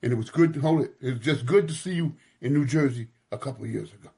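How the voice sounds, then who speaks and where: Man, husky voice, emphatic, heartfelt, meeting participant. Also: medium pitch, quick pace, darkish tone.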